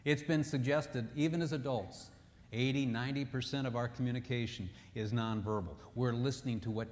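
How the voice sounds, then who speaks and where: A man with a medium-pitched, darkish voice speaks briskly in a humorous marriage seminar recorded in an echoey hall. He jokes his way through stories, acting out the quotes in them and weaving in scripture.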